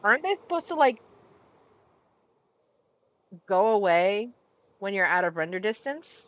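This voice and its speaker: A young woman chats as she plays a game, drifting off mid-thought and circling back to what she was saying. Her voice sits at an ordinary middle pitch. The sound is close and dry, with no room around it. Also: very animated, brisk, dry recording, lo-fi sound. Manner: rambling, distracted, trailing off and restarting. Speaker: gaming streamer. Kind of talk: casual commentary while playing.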